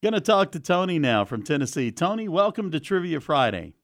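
A playful male co-host whose voice rises and falls a lot and sits fairly high. He greets callers warmly and teases along with the banter. The sound is close and dry. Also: fairly quick, no echo. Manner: playful, lively. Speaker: radio co-host. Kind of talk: casual radio banter.

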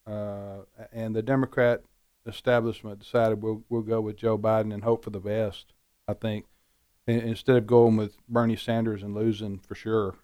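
A man giving political commentary in casual panel talk, halting and repeating words as he starts his points. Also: on the low side, level tone, dark tone, clean tone.

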